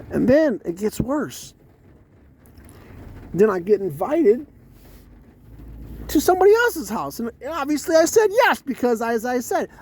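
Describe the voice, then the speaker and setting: A man's voice: a little high, creaky, dark tone, a little hiss or hum. A man telling a rambling, profane personal story in a casual vlog, full of fillers and restarts.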